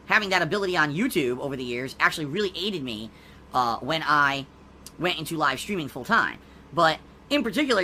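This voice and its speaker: A male streamer from Connecticut answers his critics quickly and defensively. His voice is bright and sharp. Faint noise hums under the recording. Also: fairly high pitch. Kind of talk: defensive talk to his viewers.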